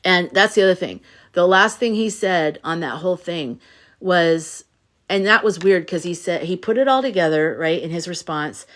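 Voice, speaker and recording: Animated, rambling woman livestreaming. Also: lowish voice, moderate pace. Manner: animated, rambling, playful and swearing. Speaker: livestream host, spiritual coach. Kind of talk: casual livestream chat to viewers.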